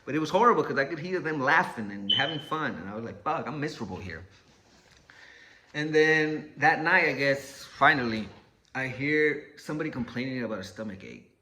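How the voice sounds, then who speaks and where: A man's voice: medium pitch, animated, brisk, sharp tone, slight background noise. Slangy, cursing man telling a story. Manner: profane, slangy. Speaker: channel host. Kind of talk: casual storytelling.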